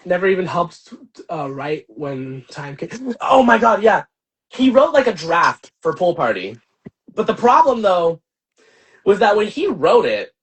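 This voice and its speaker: Husky young man ranting on a livestream. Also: sits high. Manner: animated, profane, rambling with many fillers. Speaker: channel host and filmmaker. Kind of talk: casual livestream rant.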